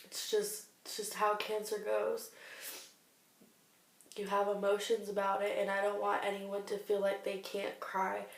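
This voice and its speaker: Young woman in her twenties, heartfelt diary vlogger, gravelly fry in a flat voice, recorded in an echoey room from a distance. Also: medium pitch, a little slow. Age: 20s. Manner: earnest, heartfelt, faith-filled. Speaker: vlogger sharing a cancer diary. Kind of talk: personal video diary.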